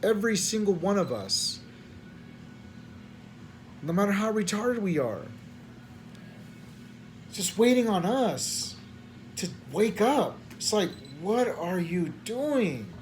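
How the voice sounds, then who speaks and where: A high-pitched man with a drawl rambles and vents in the small hours, stammering through restarts with a frustrated, slangy edge. Faint room ambience sits behind him. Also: big pitch swings, takes it slowly, pauses often, a little hiss or hum. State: tired at night. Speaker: preacher. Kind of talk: late-night rambling vent.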